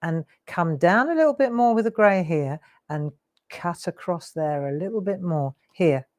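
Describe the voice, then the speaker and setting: A woman's voice: on the low side, expressive, moderate pace, darkish tone. A woman in her sixties hosting a live craft show, chatty and rambling with laughing asides. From England. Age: 60s. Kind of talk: live craft demo chat.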